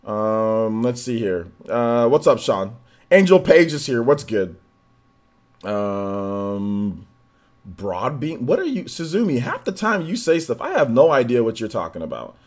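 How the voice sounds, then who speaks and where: A male streamer with a mid-pitched voice that sounds a little worn, as if still recovering. He reads his chat aloud and fires off casual, upbeat shout-outs to viewers one after another. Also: sing-song, unhurried. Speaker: gaming streamer.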